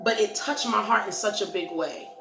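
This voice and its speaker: A woman's voice: mid-range voice, normal speed, gravelly. Earnest woman rambling in a roomy echo. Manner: rambling, earnest, self-reflective. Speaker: host of a Christian ministry channel. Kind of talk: casual encouraging talk to camera. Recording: roomy echo with faint music.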